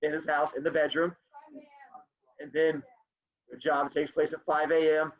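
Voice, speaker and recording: Playful high-voiced male teacher, lo-fi sound. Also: little pitch movement, normal speed. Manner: playful, joking asides to students. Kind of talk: reading a story aloud to a class. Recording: dull lo-fi sound.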